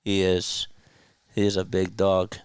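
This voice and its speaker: Male livestream host, casual chatty delivery, reads comments aloud, lower pitch, clean smooth voice, dry close sound. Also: completely flat delivery, unhurried, no echo. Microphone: podcast mixer setup.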